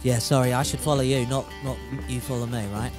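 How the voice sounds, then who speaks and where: A man's voice: mid-range voice, little pitch movement, a little fast, music in the background. A man chatting and joking as he streams a game, laughing often. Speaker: gaming streamer. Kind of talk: casual live gameplay commentary.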